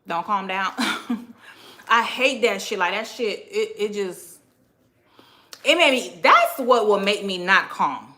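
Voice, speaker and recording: Speaking at a medium pitch and taking her time, this Miami woman hosts a livestream as she cleans. Her Caribbean-American accent carries blunt, profane, animated storytelling.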